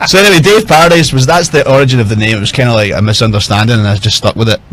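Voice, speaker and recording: A man's voice: mid-range voice, racing, a bit bright, a little hiss or hum. A man, a whisky brand ambassador, telling chatty, self-mocking stories in casual talk. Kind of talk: casual storytelling.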